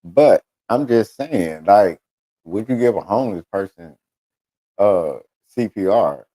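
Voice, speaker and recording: Male streaming host, casual and profane, rambling storyteller, mellow tone. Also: on the low side, animated, slow pace. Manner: profane, rambling storytelling, addresses viewers as y'all. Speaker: streaming talk show host. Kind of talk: casual solo talk to an audience.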